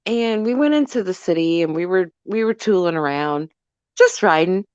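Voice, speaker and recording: Animated, emphatic middle-aged woman storyteller. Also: on the low side, moderate pace, clean tone, no room sound. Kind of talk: casual storytelling chat. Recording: dull lo-fi dry audio.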